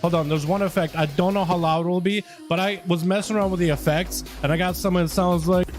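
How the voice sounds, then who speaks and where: A young male gaming streamer with a high voice, talking loosely and swearing freely as he greets his chat. His talk is casual and rambling. Soft music sits quietly behind him. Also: steady tone, quick pace. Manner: loose, profane and chatty with viewers. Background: faint music.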